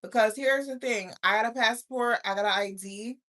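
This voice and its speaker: A woman's voice: a little high, moderate pace. A woman in her thirties talks straight to her livestream viewers. She is blunt and profane, and she rants with a lot of energy as she reacts to their comments. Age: 30s. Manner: blunt, profane, animated ranting. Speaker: livestream host. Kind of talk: casual livestream chat reading viewer comments.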